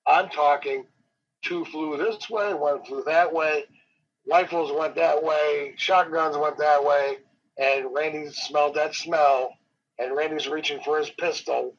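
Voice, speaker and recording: Rambling storyteller, man with a husky, slightly high voice, dull lo-fi interview audio. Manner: rambling, dramatic, slows down for suspense. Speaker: professional wrestler guest. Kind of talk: animated storytelling.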